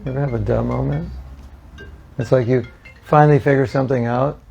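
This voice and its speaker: An older man telling animated, humorous stories to a devotional gathering, acting out the people he quotes. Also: medium pitch, fairly quick, vocal fry, dull audio, faint music behind. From United States. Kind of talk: storytelling talk to an audience.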